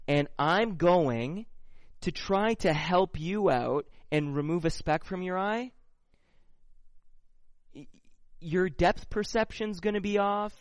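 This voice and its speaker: A man preaching a sermon who reads scripture slowly and explains it in a casual, conversational way, often checking in with "right?". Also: fairly high pitch, dry recording. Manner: slow, deliberate reading of scripture. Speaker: pastor.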